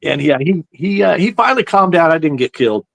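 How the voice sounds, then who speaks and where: A man with a brisk, gravelly, fairly high voice, recorded with no room sound, appears as a show guest. In a casual, rambling chat he tells a long prank story with lively energy, looping back with "so anyway" between beats.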